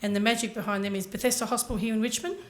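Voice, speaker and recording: A woman's voice: on the high side, fairly even intonation, racing. A woman giving a motivational talk to a conference audience, telling her story earnestly and speaking directly to the listeners. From Ireland.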